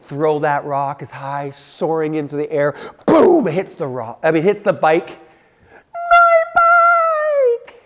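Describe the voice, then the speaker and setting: A young adult youth pastor preaches a sermon, animatedly telling stories, acting out voices, and laughing at his own tales. His voice is a little high, and he keeps a measured pace with few pauses.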